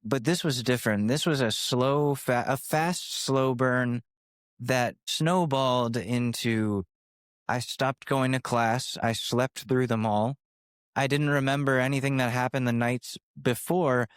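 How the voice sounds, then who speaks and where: A young man with a mid-pitched voice recorded dry and close to the mic. He tells a personal story as a podcast host, swearing freely and mocking himself. He wanders from tangent to tangent before coming back to the point. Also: steady tone, measured pace, clean tone, no echo. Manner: profane, rambling, self-mocking; jumps from sidetrack to sidetrack. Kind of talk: candid storytelling rant.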